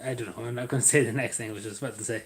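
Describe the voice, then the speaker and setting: A man chatting casually on a live stream, rambling and joking, his voice often trailing off quietly at the ends of sentences. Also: medium pitch, fairly even intonation, very fast, a crowd in the background.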